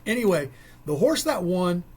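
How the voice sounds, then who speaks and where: A man's voice: high voice, sing-song, normal speed, a little mellow, slightly rough. A man co-hosting a local sports radio show, talking casually with folksy, rambling asides.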